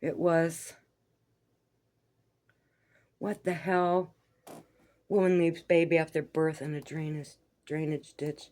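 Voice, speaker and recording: Lady vlogger rambling about hidden symbols in videos, kinda low voice. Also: level tone, slow, long pauses, a little mellow. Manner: rambling, conspiratorial, swears casually. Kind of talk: casual commentary over a video.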